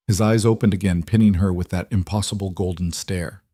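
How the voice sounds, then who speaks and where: A man narrating a romance fantasy audiobook in a steady, measured way. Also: deep voice, no room sound, clean studio sound.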